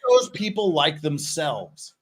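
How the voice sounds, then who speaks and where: A male livestream host with a slightly high voice that rises and falls a lot. He chats casually and reads viewer messages aloud, laughing easily between them. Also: very animated, takes it slowly.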